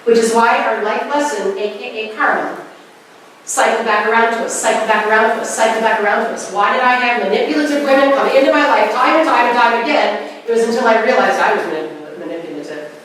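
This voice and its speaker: Echoey far-off woman, animated storyteller. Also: on the high side, fast talker. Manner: animated storytelling with acted quotes. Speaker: spiritual speaker. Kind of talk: conversational talk. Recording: echoey room, distant mic, faint noise.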